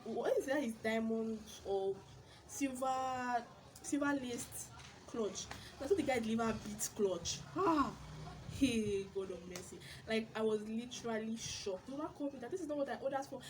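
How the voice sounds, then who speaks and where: A young woman with a Nigerian accent telling her business stories in a casual vlog, animated, exclaiming and repeating words for emphasis. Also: a little high, brisk, a little hiss or hum. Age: young adult. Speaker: vlogger.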